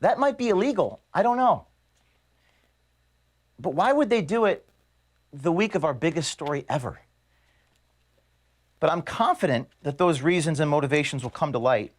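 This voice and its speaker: A man, the founder of an organization, reading an earnest, measured video statement to his staff from his office. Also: a little high, animated. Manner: earnest, measured, grievance-laden. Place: office at headquarters.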